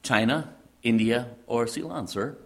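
A man's voice: medium pitch, unhurried, pitched above the performer's own voice, lightly acted. A man with a Midwestern accent playing a formal, deferential butler who keeps politely asking questions, in a raised voice. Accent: Midwestern American.

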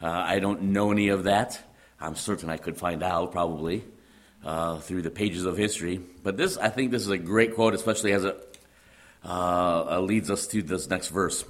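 A pastor with a Midwestern accent preaches in a very low, deep male voice. He talks in a relaxed, conversational way, pausing on fillers and restarting phrases. Touches of gentle humor run through his sermon. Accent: Midwestern American.

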